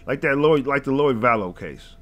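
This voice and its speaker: A man's voice: medium pitch, expressive, moderate pace, a bit bright. A man hosting a reaction video, ranting in heated, profane, rambling casual commentary.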